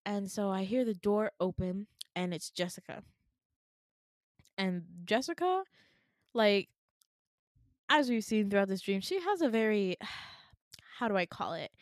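A woman podcast co-host casually retelling a dream, animated, laughing often and full of fillers. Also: medium pitch, measured pace, pauses often, no room sound, studio quality.

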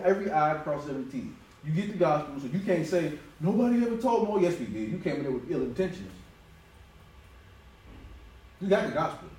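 A man preaches, his pitch leaping high and low as he laughs and acts out voices. He sits a little above the usual register for a man. The sound is roomy and distant, with a faint ambience behind. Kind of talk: conversational sermon.

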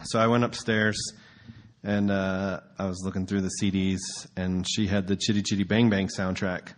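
A man's voice: low voice, flat delivery, measured pace. A man preaching casually as a pastor, telling a story in a loose, conversational way with filler words.

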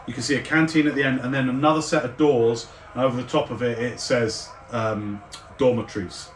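A man narrating as game master, describing the scene at length with frequent fillers and pauses. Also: mid-range voice, steady tone, slight background noise. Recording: roomy, distant mic.

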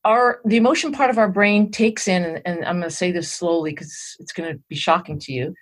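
A woman being interviewed as an expert, explaining ideas in an animated way and checking in with her listener as she goes. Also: on the low side, a little fast, hardly any pauses. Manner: animated, explains step by step with "all right" check-ins. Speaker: guest expert on emotional intelligence.

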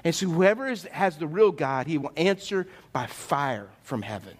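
A man preaching a sermon as pastor, animated and conversational, asking his listeners questions. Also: fairly high pitch, normal speed, husky.

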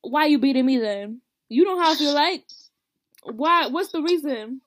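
A woman's voice: high voice, lively intonation, moderate pace. A young woman in casual podcast chat, ranting animatedly in slang and mimicking others' voices.

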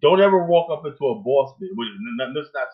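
A man's voice: medium pitch, expressive, fast talker. A man hosting a casual talk show, ranting in a rambling, emphatic way with lots of filler tags and plenty of swearing. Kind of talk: casual profane rant. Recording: tinny phone line.

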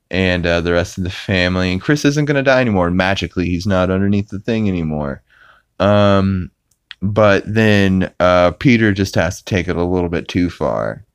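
A man's voice: low-pitched, expressive, normal speed, smooth, no echo. A man hosting a podcast, recapping an episode in a casual, rambling way with many fillers and restarts. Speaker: podcast host.

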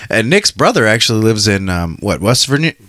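A man co-hosting a casual podcast, laid-back and swearing freely. His pitch moves around a lot as he talks. The sound is close and dry. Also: very animated, a little fast, fairly bright tone, no room sound. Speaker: podcast co-host. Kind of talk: casual chat.

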